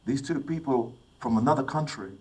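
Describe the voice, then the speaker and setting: A man's voice: medium pitch, fairly quick, a little mellow, poor audio. A man telling stories to an audience. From England. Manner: storytelling, asks the audience questions. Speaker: speaker addressing young people. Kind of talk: motivational talk with personal stories.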